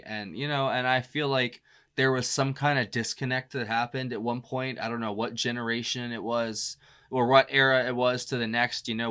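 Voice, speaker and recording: In a music reaction video, the male host rambles easily through casual commentary, full of fillers and quick laughs. His middling-pitched voice has a bright, pushed quality.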